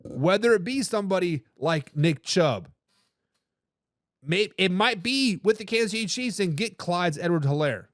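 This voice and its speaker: A man with a high-pitched voice hosts a live football talk show, talking casually and with plenty of animation. He throws in slangy catchphrases and often restarts his phrases as he reads viewers' comments aloud. The sound is dry and close, with no room echo. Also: animated, moderate pace. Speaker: sports talk show host.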